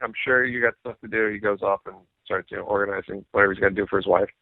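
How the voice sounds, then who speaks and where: A man with a lowish voice tells stories at a very fast clip as a musician guest in a casual interview. He's animated and acts out the quoted voices himself. The sound is dry and tinny, like a phone line, with no echo.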